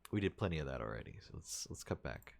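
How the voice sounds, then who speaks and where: A man's voice: extremely low pitch, sing-song, quick pace, creaky. A man streaming and chatting casually with his viewers, rambling and restarting his sentences with little chuckles.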